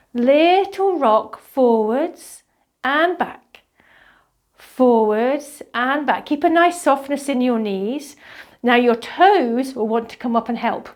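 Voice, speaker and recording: Gentle high-voiced woman guiding qigong. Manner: soft, slow guiding instructions. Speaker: qigong instructor. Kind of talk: guided movement class.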